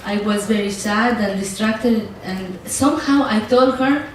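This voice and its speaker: A middle-aged woman with a Mexican accent, telling stories in an interview with animated emotion, often laughing and repeating words as she speaks. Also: medium pitch, measured pace, a little hiss or hum. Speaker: actress interviewee. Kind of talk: candid interview storytelling. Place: film festival interview room. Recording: very echoey room, distant mic, faint ambience.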